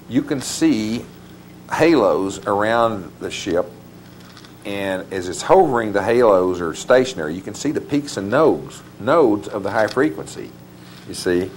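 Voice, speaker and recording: A man's voice: low-pitched, slight background noise. A man answering interview questions as an author guest, meandering with many fillers and restarts. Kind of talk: rambling conversational interview answers.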